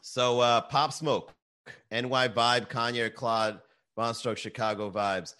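A man in his late thirties talks loosely to his listeners, swearing often and calling them bro and man. His voice sits at an ordinary middle pitch. He rants in a casual, rambling way. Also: fairly even intonation, slow, bright, forceful tone, clear, resonant tone. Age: 30s. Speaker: podcast host. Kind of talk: casual profane rant.

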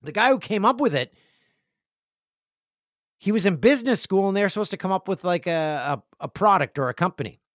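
A man's voice: animated, a little fast, long pauses, dry recording, clean studio sound. A man hosting his podcast in a casual, jokey chat, reading emails and acting out friends' reactions. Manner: chatty, jokey, acts out friends in loud high voices. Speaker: podcast host. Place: home studio with stairs nearby.

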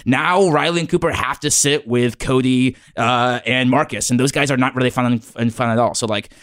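A man's voice: mid-range voice, a little fast, fairly bright tone, dry recording, studio quality, natural voice. A man playing a gossipy teenage boy who hosts a school podcast, rambling with constant likes and uhs. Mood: excited. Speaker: podcast host. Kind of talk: improvised comedy podcast.

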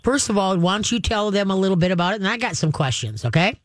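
A woman's voice: medium pitch, animated, fast talker, dry recording. A woman hosting a radio call-in show on dog training, chatty and laughing, often acting out voices. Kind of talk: radio call-in advice talk. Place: radio studio. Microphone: studio microphone.

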